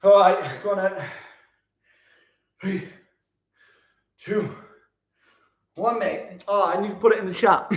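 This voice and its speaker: A man's voice: high voice, slow, long pauses. A young man live-streaming a casual vlog from a hotel room, chatting with viewers, laughing often and calling everyone mate.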